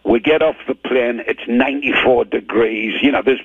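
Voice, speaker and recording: A man's voice: medium pitch, steady tone, moderate pace, breathy edge, no room sound. An older man with a Geordie accent from Newcastle, telling stories as a rock singer in a chatty, self-deprecating way with lots of restarts. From Newcastle, England. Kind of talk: casual storytelling interview. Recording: tinny phone-line radio interview.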